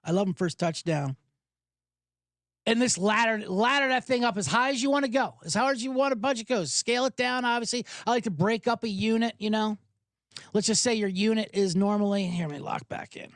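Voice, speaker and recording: A man's voice: sits high, brisk, a bit bright, dry recording, studio quality. A man hosting a sports betting podcast, talking in a hyped, rambling way, swearing and spinning jokey analogies. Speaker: podcast host.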